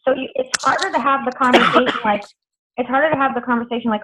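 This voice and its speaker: A woman's voice: a little high, fast talker, a bit bright. A woman coaching her team on a video call, chatty and blunt, swearing freely. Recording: tinny phone-like video call audio.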